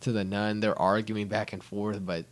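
A man's voice: on the low side, level tone, normal speed. A man hosting a casual podcast chat, telling a rambling story full of fillers and tag questions. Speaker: podcast host.

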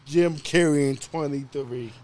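A man's voice: on the high side, a little slow, a crowd in the background. A man casually bantering about movies on a podcast, laid-back and laughing often.

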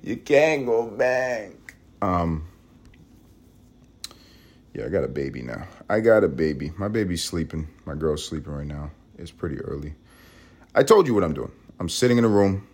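A man from Harlem with a vocal-fry voice, rambling casually and profanely in a room at home early in the morning. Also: expressive, moderate pace, pauses often, a little mellow. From Harlem, New York. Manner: rambling, profane, low-key. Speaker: podcast host.

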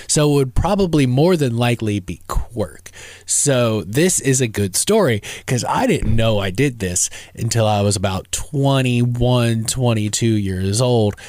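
Man, podcast host, relaxed slangy storyteller, dry close sound. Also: mid-range voice, no room sound. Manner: laid-back, chatty, slang-heavy.

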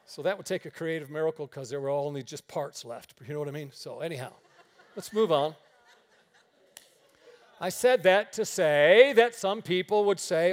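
A man's voice: fairly high pitch, moderate pace, pauses often. Folksy, joking male preacher. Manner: folksy, joking, acts out dialogue. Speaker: pastor. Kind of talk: sermon with storytelling. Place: church meeting room.

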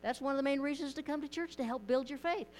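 A woman's voice: sits high, quick pace, darkish tone. A woman pastor, preaching a conversational sermon in church, often repeating and restarting words.

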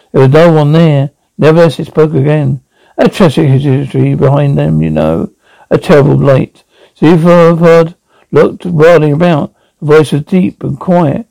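Gravelly male audiobook narrator. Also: on the high side, mellow, dry recording, poor audio. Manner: stumbling, self-correcting reading. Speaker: audiobook reader.

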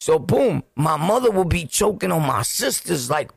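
A man's voice: a little high, very animated, moderate pace, gravelly, few pauses, slightly rough, dry recording, studio quality. A man with a Brooklyn accent telling a story on his podcast, laughing and throwing in sound effects and street slang. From Brooklyn, New York. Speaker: podcast host. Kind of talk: casual storytelling.

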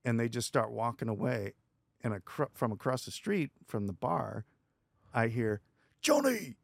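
A man's voice: mid-range voice, normal speed, gravelly, no echo, clean studio sound. A man telling a story as a podcast guest, acting out the people in it as he goes. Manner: animated, acts out quotes in the story. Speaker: guest, stuntman. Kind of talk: casual storytelling.

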